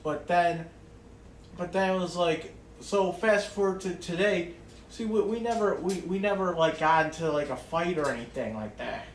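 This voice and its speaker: A man's voice: high voice, normal speed, echoey room, a little hiss or hum. A man ranting casually to camera in a rambling way, swearing often and restarting his sentences. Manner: rambling, profane, many restarts and fillers. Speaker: vlogger.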